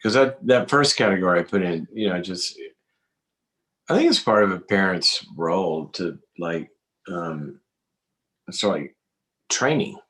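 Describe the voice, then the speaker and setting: A middle-aged man with a low voice hosts a relaxed talk show conversation. He rambles, restarts his sentences and asks probing questions as he chats with his daughter. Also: a little slow, pauses often, low-quality recording. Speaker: talk show host, psychologist. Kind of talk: casual family conversation.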